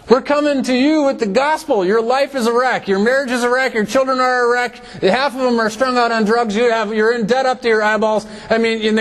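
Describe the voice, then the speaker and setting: Scripture is read and explained by a man preaching a sermon, whose voice sinks low and rises again to emphasize his points.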